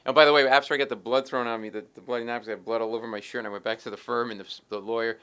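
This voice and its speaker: A middle-aged man, a comedian telling animated stories in an interview and acting out the people in them. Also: mid-range voice, smooth. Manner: acts out the other people in his stories, quick and lively. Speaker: stand-up comedian, interview guest.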